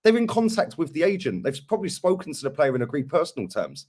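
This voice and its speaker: A man's voice: a little high, huge pitch swings, fast, darkish tone, husky. A young man ranting about football transfers in casual chat, mocking other fans. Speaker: football fan pundit.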